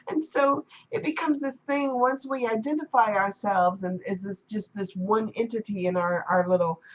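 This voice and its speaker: A woman's voice: a little high, low-quality recording. A woman giving a live-streamed spiritual talk in a reflective manner, repeating and rephrasing her ideas. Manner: reflective, repetitive phrasing. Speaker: spiritual teacher.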